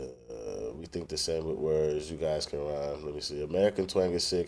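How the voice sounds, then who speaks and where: A man's voice: very deep voice, slow pace, a little mellow. A man chatting casually with viewers on a livestream, loose and profane, reacting to comments between tracks. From northern England. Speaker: livestream host and rapper.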